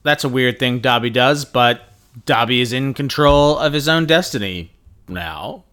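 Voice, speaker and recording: A man's voice: medium pitch, measured pace, a bit bright. A man co-hosting a podcast in casual chat, wry and dry, walking through figures. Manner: dry, wry, explains with numbers. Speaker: podcast co-host.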